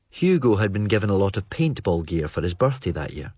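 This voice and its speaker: A man narrating an audiobook in a measured, understated way. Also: low voice, big pitch swings, husky, no room sound. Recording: muffled dry studio read.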